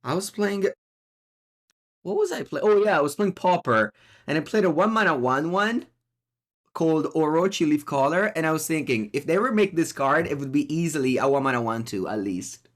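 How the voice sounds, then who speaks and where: Man, Italian accent, live gameplay commentary, chatty, talks to his chat, very lively pitch. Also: moderate pace. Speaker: streamer.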